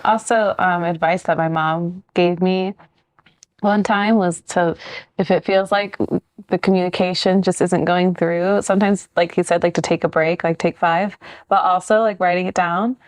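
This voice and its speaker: A woman's voice: on the low side, steady tone, moderate pace, dry recording, clean studio sound. A woman hosting a podcast, chatting casually about relationship advice, filling her sentences with "like" and restarts. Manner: chatty, many fillers like "like". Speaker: podcast host.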